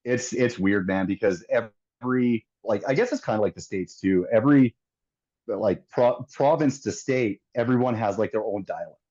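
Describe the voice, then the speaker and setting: A man's voice: on the low side, normal speed, mellow, highs cut off. A man with a Canadian accent, a guest on a podcast, talking in a laid-back way, laughing easily and swearing. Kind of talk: casual chat.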